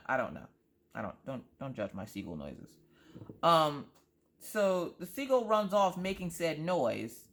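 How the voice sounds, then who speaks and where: Chatty woman telling a funny story. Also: extremely low pitch. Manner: animated, rambling storytelling with jokes; frequent fillers and asides. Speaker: vlogger. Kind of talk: casual chat while crafting.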